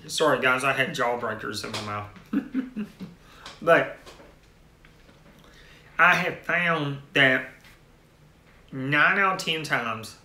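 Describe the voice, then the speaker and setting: A man's voice: medium pitch, takes it slowly, pauses often, sharp tone, reverberant, a little hiss or hum. A man hosting a tech channel in casual live-stream chat, rambling with restarted phrases as he answers viewer comments.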